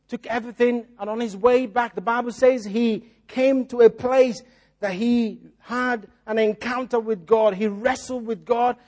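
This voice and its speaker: A man's voice: very high-pitched, a little mellow. A male preacher giving a sermon in a church, repeating key phrases and putting rhetorical questions to the congregation.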